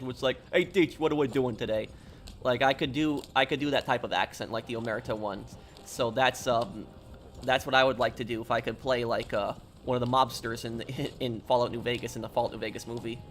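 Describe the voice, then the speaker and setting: Bright-voiced man chatting on stream. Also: mid-range voice, steady tone, quick pace, slight background noise. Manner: rambling, answers chat questions. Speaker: game streamer. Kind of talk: casual live-stream chat while gaming.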